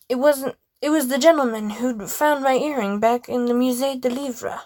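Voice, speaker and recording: A woman reading a first-person game story aloud, expressive, with casual asides. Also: high voice, moderate pace, hardly any pauses, no room sound.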